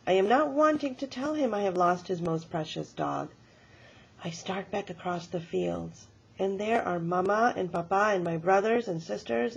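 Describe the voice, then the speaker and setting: Woman voicing a husky, lively old grandmother. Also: medium pitch, highs cut off. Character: elderly grandmother telling a stubborn-childhood tale.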